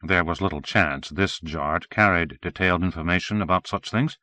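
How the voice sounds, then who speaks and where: A man reading a novel aloud as audiobook narrator in a steady, measured way. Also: low voice, a little hiss or hum.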